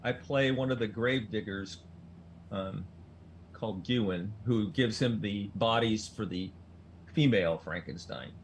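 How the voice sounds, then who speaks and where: A man chatting as a panel guest, telling his story in an animated, chatty way. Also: lowish voice, unhurried, slight background noise. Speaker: panel guest, stage actor. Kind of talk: casual panel chat.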